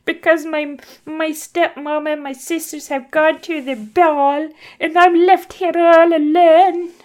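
A woman voicing a lonely, tearful young Cinderella in a high, plaintive voice while casually reading a storybook aloud. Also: little pitch movement, takes it slowly.

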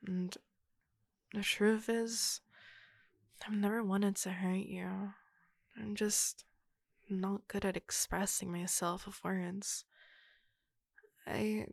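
A woman voicing a muscular wolf-girl monster, flustered yet forward, in an audio role-play, speaking slowly with a gravelly edge and slipping into breathy whispers. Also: mid-range voice, dry recording, clean studio sound, exaggerated voice. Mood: shy confession.

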